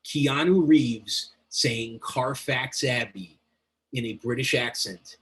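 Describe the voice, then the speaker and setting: Chatty, swearing male guest, mid-pitched voice, runs on with excitement. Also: slow. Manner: rambling, enthusiastic, swears freely. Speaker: guest, metal journalist. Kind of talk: casual interview talk.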